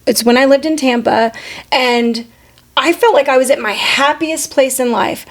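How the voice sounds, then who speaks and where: A woman's voice: sits high, moderate pace. A woman in her forties hosting a podcast, telling candid personal stories in casual chat, swearing freely. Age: 40s. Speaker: podcast host.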